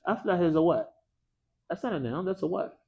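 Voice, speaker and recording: Man, energetic grammar teacher in a mosque classroom, slightly high voice, quizzing call-and-response style, casual slang. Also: fairly quick, gravelly, slightly rough, lo-fi sound. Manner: energetic, quizzes students with frequent "what?" prompts. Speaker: Arabic teacher.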